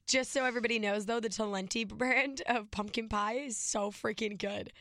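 A young woman with a hoarse, worn-out voice chats candidly on a podcast, swearing freely. Her pitch sits a little high and her tone is bright and forward. The sound is dry and close. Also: steady tone, normal speed, no room sound. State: hoarse, strained voice. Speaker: podcast co-host. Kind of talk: casual chat.

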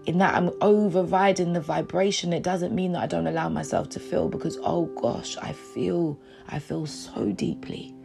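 A woman gives an inspirational talk in a low, gravelly voice. She repeats key phrases and sometimes drops to a whisper. A faint guitar plays behind her. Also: normal speed, hardly any pauses. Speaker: motivational speaker. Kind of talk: inspirational talk with poem reading. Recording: soft guitar music behind.

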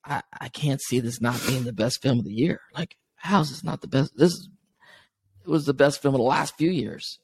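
A man's voice: medium pitch, normal speed, gravelly, slightly rough. A man hosting a podcast, talking about films in an enthusiastic, rambling way with many fillers. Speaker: podcast host. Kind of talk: casual podcast chat.

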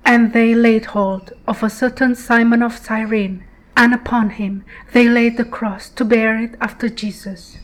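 Slow, hushed woman reading prayers. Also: a little high, fairly even intonation, poor audio. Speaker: prayer leader. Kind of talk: devotional scripture reading.

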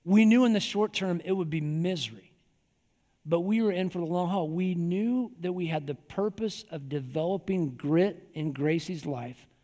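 A man in his forties delivers a sermon with a fairly high voice, telling family stories in a relaxed, folksy way. He drives his points home through repetition. His voice rings out through a large hall with a long reverb tail. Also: normal speed. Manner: conversational, folksy storytelling with emphatic repetition. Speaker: pastor.

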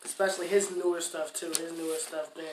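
A man's voice: on the high side, fairly even intonation, fast talker, background noise. A man chatting casually in a laid-back way. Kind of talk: casual chat. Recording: roomy echo.

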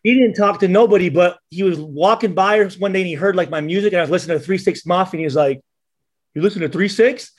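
A man in his forties, a former football player, guesting on a casual podcast and telling animated stories with plenty of "dude.". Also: high-pitched, quick pace, few pauses. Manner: animated storyteller, calls listeners dude.

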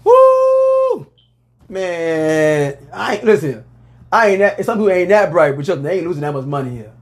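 A man hosting a casual sports talk show, talking in a loose, rambling way and letting out loud whoops. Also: a little high, lively intonation, fairly quick.

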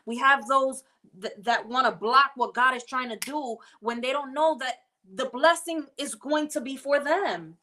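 Woman co-host, slightly high voice, affirming and chatty. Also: a little slow, hardly any pauses. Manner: frequent affirmations and soft amens. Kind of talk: faith talk show chat.

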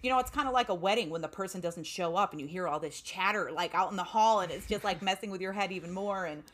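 A young woman tells a story in a relaxed, chatty way and leans on "like" constantly. Her voice sits a little low for a woman but has a bright, forceful edge. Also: quick pace. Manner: chatty, lots of "like" fillers. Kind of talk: casual storytelling.

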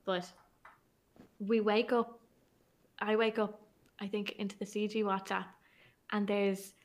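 A woman's voice: medium pitch, flat delivery, unhurried. A young Irish woman in her twenties hosting a podcast, chatty and giggly, rambling with many fillers. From Ireland. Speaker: podcast host. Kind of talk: casual chat.

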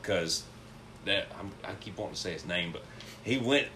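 A man's voice: low-pitched, expressive, moderate pace, bright, forceful tone, slight background noise. A young man, casually telling a rambling story and laughing through it.

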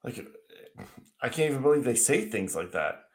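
A man with a medium-pitched, sing-song voice talks at a moderate pace, recorded with a roomy, echoey sound. Seated at a desk indoors, this podcast co-host rants about politics on a talk show, swearing heatedly and restarting often.

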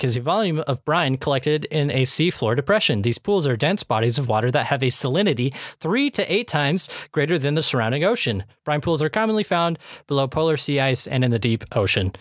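A man's voice: medium pitch, expressive, fairly quick, no room sound, clean studio sound. A man hosting a podcast in casual chat, chatty with many fillers and frequent laughs. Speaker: podcast host reviewing episodes.

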